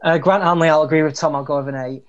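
A man's voice: a little high, steady tone, racing. A man on a casual football podcast panel who gives brief, direct answers. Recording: dull lo-fi sound.

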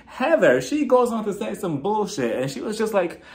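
Gossipy man recapping reality TV with a lively voice. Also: high voice, moderate pace. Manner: gossipy, laughs often, mimics cast members. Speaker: TV recap reviewer. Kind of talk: casual solo review vlog.

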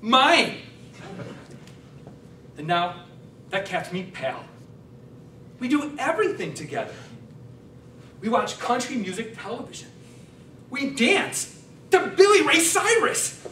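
A man giving a humorous contest speech, telling a story with deadpan punchlines. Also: extremely high pitch, unhurried, pauses often, slight background noise. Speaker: contest speaker. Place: hall on stage before a laughing audience. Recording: echoey hall, mic at a distance.

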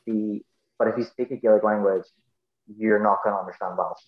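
A man's voice: on the low side, fairly even intonation, a little fast. A man with a Northern Irish accent, a podcast guest in casual conversation, explaining patiently with lots of fillers and restarts. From Northern Ireland. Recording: roomy, dull lo-fi sound.

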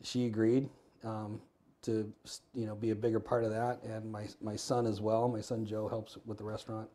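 A middle-aged man, a guest in an interview, telling stories in a lively, animated way and acting out dialogue. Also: fairly low pitch, normal speed. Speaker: guest, former firefighter and business owner. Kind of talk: casual interview storytelling. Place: Arizona.

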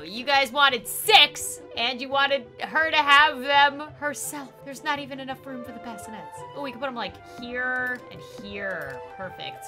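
A young woman chatting casually over gameplay, excitable and talkative, with loud bursts of cheering. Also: on the high side, moderate pace, hardly any pauses. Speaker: gaming YouTuber. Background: game music.

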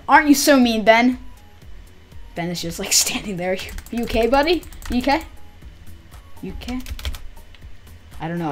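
Excitable girl doing chatty game commentary, lots of "like", medium pitch. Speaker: gaming channel host.

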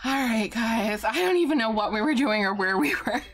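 A woman's voice: fairly high pitch, expressive, moderate pace. A young adult woman streaming a game live, giggly and effusive as she thanks her chat.

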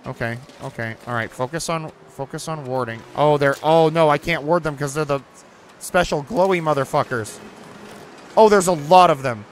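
A man's voice: fairly high pitch, normal speed, slight background noise. A young man hosting a gaming video, giving jumpy, swearing let's play commentary while talking to himself and his viewers. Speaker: gaming channel host.

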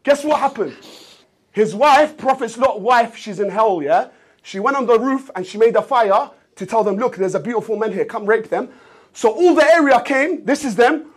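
Husky high-voiced man with slang. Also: normal speed. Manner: animated, repetitive, bursts into shouting. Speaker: streamer in a therapy skit. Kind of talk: rambling comic storytelling.

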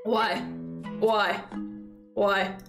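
A young woman streaming a game, chatting with her viewers in an excitable, exclamatory way with lots of swearing. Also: medium pitch, extremely slow, echoey room, over music. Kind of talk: casual live-stream gameplay commentary.

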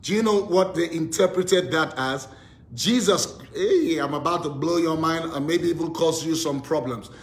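A man's voice: moderate pace, few pauses. A man preaching an online devotional sermon, emphatic, repeating words as he builds his points and leading the listeners in spoken declarations. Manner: emphatic preaching, leads call-and-response declarations. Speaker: pastor. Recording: echoey room with faint rumble.

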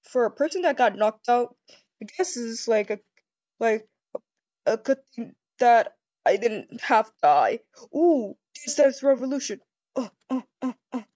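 An excitable, easily startled woman rambles through a first-person game role-play, tripping over restarts in a slow, unhurried delivery. Her voice sits fairly high. The sound is dry and dull, like a lo-fi home recording. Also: dry recording.

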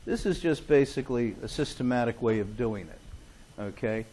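A man's voice: medium pitch, normal speed, warm tone. Joking man giving a chemistry lecture. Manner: joking, chatty, asks "okay?" often. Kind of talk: classroom lecture. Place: lecture classroom. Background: students in class.

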